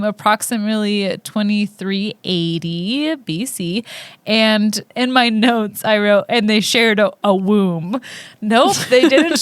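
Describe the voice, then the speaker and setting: A woman's voice: mid-range voice, fairly bright tone, no room sound. A woman co-hosting a podcast, telling history in a casual comedic chat and laughing often. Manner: giggly, laughs often while telling facts. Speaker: podcast co-host.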